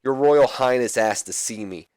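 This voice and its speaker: A man's voice: mid-range voice, normal speed, darkish tone, no room sound, clean studio sound, lightly acted. A man voicing a brash, sarcastic wrestler who taunts a rival's bodyguards. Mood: cocky.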